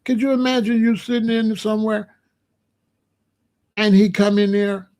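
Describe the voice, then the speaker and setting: A man in his sixties hosting a livestream, chatting casually to his live chat in a slow, repetitive, drawling way. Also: high-pitched, steady tone, darkish tone. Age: 60s. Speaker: livestream host.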